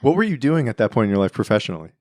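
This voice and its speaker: An interviewer who mostly listens, dropping soft murmurs and short, easy questions. The voice rises and falls a great deal. The sound is dry and close. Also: medium pitch, big pitch swings, rapid-fire, no room sound. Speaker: interviewer host. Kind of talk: casual interview.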